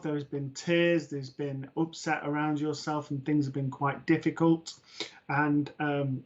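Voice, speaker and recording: A man hosts a live psychic stream, delivering a reading slowly and haltingly with frequent fillers. His manner is gentle and soothing. The audio is dull and lo-fi. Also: on the high side. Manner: halting, many ums and uhs, gentle and soothing. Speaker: medium.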